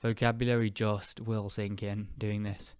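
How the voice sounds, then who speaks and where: A young British man hosting an English-learning podcast, speaking slowly and clearly in a chatty, relaxed way with fillers. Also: on the low side, dry recording, studio quality. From United Kingdom. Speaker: podcast host and English teacher. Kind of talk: casual spoken lesson.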